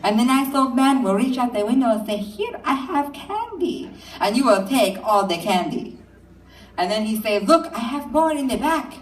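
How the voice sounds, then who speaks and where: A woman's voice: a little high, big pitch swings, normal speed. A worried, overprotective mother, played by a woman comic, who drags out every warning in a sing-song voice. She repeats herself and stretches her words out. The sound is roomy and distant, with a faint hum underneath. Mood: ominous. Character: fretful overprotective mother, middle-aged woman. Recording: echoey room, mic far off.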